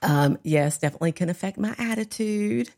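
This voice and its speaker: A woman's voice: mid-range voice, animated, a little fast, creaky, a little mellow. A woman co-hosting a casual chat, candid and self-deprecating, speaking to listeners. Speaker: podcast co-host.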